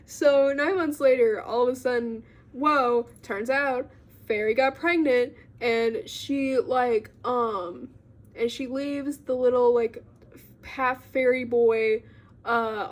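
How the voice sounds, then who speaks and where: A book vlogger, a young woman with a slightly high voice, gives a loose, rambling recap of a book. Her casual chat with viewers is full of fillers and small giggly asides.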